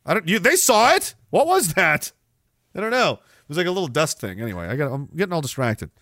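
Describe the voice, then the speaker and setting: A man hosting a livestream rant, talking in a rambling, sarcastic way full of mocking asides. His voice is fairly high and very lively, with a bright, forceful tone. The sound is dry and close. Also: brisk, vocal fry, dry recording. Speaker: podcast host.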